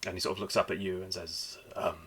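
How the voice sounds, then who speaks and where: A man narrating as game master, halting and filling with ums as he describes the scene. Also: low-pitched, flat delivery, a bit bright, slightly rough. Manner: halting, many fillers and restarts.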